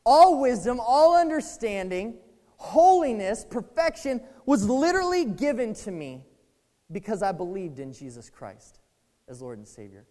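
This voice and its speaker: Lively conversational preacher in a hall. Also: mid-range voice. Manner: conversational, keeps asking "right?"; acts out quoted inner voices. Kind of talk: sermon.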